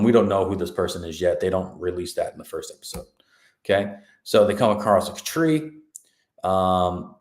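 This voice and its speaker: A man, hosting a podcast and recapping an episode in a rambling, laid-back way. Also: deep voice. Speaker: podcast host. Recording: echoey room.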